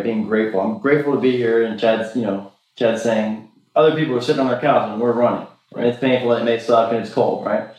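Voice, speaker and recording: A man hosting a podcast, speaking thoughtfully in casual chat with pauses and fillers. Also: lowish voice, a little mellow. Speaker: podcast host. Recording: very echoey, distant mic.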